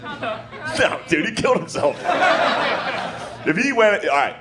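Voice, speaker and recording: A man's voice: high-pitched, big pitch swings, slow pace. A man doing a crude stand-up set on stage, laughing through his punchlines. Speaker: stand-up comedian. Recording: loud crowd noise of a live show.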